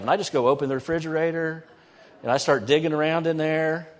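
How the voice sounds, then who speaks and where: A middle-aged male pastor preaching a conversational, animated sermon in a church, swinging between lively emphasis and soft, prayerful asides. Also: on the high side, fast talker, long reverb tail. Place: church sanctuary.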